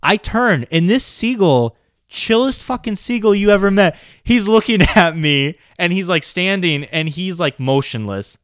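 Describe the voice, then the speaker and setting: A young adult man casually telling a story on a podcast, animated and swearing, with laughs breaking in. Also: high-pitched, measured pace, clear, resonant tone, no room sound, studio quality.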